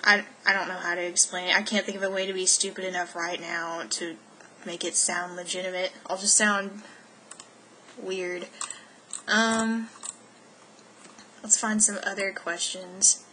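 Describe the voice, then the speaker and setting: A woman's voice: lowish voice, level tone, unhurried, pauses often, pushed and bright, slight background noise, low-quality recording. A teenage girl from Texas, vlogging casually at home and rambling with lots of fillers and self-corrections. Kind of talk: casual voice meme vlog.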